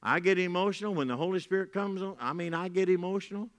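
A pastor with a high voice preaches fast in a church hall, folksy and repeating key lines for emphasis, with casual asides. The hall gives the recording a long reverb.

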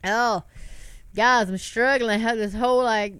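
Middle-aged woman host, stuffy with a cold, smooth clear voice, dry close sound, fervent preachy commentary. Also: fairly high pitch, fairly even intonation, a little slow, a bit bright, no echo. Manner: impassioned, talks to her viewers as "folks", rhetorical questions. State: congested from a sinus cold. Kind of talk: preachy casual commentary, reading news aloud.

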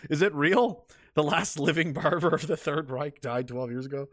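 A man hosts a casual livestream and reads out viewer chat, sarcastic and profane, laughing often as he swings between low mutters and loud outbursts. He speaks at normal speed, with studio-quality sound and no echo.

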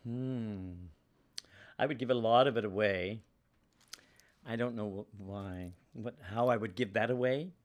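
A man's voice: fairly low pitch, unhurried, long pauses. A man being interviewed as a guest, telling meandering, self-deprecating stories with frequent laughs. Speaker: guest, actor and photographer. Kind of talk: casual interview chat.

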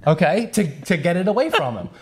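Young male podcast host, slightly high voice, animated storyteller who laughs through his tale. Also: fast, slight background noise. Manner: animated, laughs while telling, acts out voices. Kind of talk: casual storytelling.

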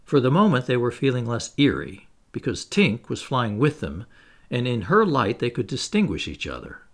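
A man narrating a children's storybook with an expressive, animated delivery. His pitch rises and falls freely, and a gravelly texture runs through his middle-range voice. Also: moderate pace. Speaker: audiobook narrator.

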